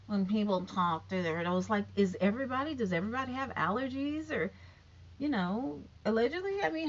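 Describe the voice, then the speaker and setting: This YouTuber's voice sits on the high side as she chats animatedly about a talk show, wandering off on asides and packing in fillers. There's a little hiss or hum over the dull, lo-fi audio.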